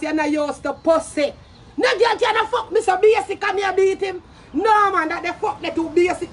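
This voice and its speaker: A young Jamaican woman ranting loudly in commentary, profane and brash, bursting into shouts and cackling laughter. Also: very high voice, a little hiss or hum. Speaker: social media commentator.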